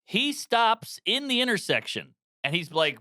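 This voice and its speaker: A man in his thirties, a comedian guest telling a wild story on a podcast, animated with sudden loud yelps. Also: high-pitched, a little slow, dry recording, studio quality. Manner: animated, bursts into loud yelps and put-on voices.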